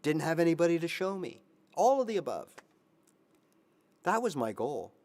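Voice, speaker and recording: A man in his fifties who hosts a guitar channel, giving animated motivational advice on a live stream and now and then singing a line. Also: on the high side, moderate pace. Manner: animated, sings snippets, voices his inner brain. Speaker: guitar teacher, channel host.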